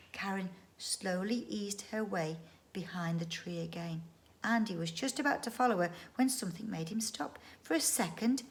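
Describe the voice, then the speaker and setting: A woman reading a children's book aloud at home, lively and expressive, doing the characters' voices. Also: a little high. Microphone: phone or webcam.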